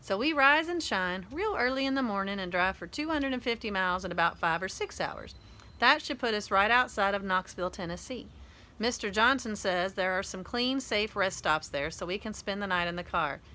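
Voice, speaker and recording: A woman's voice: medium pitch, lively intonation, moderate pace, pushed and bright. A woman reading a storybook aloud, voicing a practical mother of three who lays out a trip plan in an orderly way. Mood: matter-of-fact.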